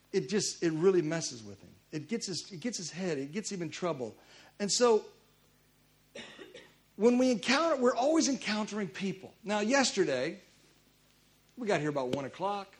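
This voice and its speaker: A man preaching a sermon as pastor, telling stories with sudden loud bursts of emphasis. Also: high-pitched.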